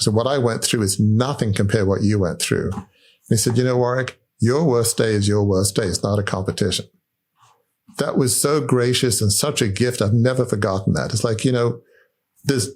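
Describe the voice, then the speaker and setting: A man's voice: on the low side, brisk, husky. A man hosting a podcast, asking questions and telling a personal story in a reflective way. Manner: reflective and warm-hearted storytelling. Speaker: podcast host. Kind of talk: interview conversation.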